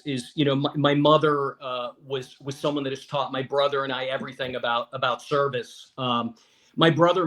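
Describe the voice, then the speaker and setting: A middle-aged man with a fairly high voice, a guest in a podcast interview. He speaks earnestly and often repeats words as he restarts a thought. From Weirton, West Virginia. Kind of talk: conversational interview storytelling.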